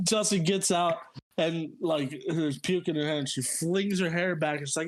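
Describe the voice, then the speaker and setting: A young man tells a wild road-trip story on a podcast, laughing often. His voice sits a little higher than most men's. When he quotes people, it jumps to a squeaky, excited pitch. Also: measured pace. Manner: animated, laughing, acts out quotes in a squeaky high voice. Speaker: podcast co-host. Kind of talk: casual storytelling chat.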